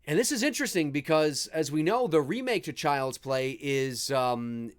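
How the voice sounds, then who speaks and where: A man talks over a film during his live stream, his voice sitting a little high for a man. He rambles in an easygoing way and swears freely as he reacts to what is on screen. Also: expressive, moderate pace. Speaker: host of a live movie commentary stream. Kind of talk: casual live-stream movie commentary.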